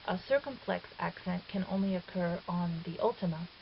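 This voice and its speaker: A woman's voice: lowish voice, normal speed, vocal fry. A woman teaching Greek in a recorded lecture, patient and methodical, with the odd filler and self-correction. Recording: dull lo-fi recording with faint hiss.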